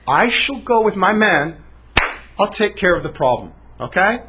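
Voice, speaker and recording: A man's voice: sits high, sing-song, measured pace, background noise, pitched above the performer's own voice. A man playing a scheming, conspiratorial general. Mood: coaxing. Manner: urgent, then sly and coaxing.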